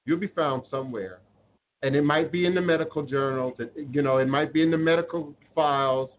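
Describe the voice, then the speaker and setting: A man talks earnestly to his live-stream viewers in a fairly high voice, preaching and repeating his points for weight. The sound is thin and phone-like, with a faint hiss beneath it. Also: steady tone, quick pace. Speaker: spiritual live-stream host. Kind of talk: live-stream talk, reading viewer comments. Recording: phone-like audio with faint noise.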